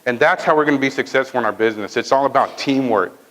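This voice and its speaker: A man giving a motivational talk at a sales training event, telling a fable in a lively way and often checking in with the audience. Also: mid-range voice, fast, a little hiss or hum, poor audio. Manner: lively storytelling, checks in with "right?" and "okay?".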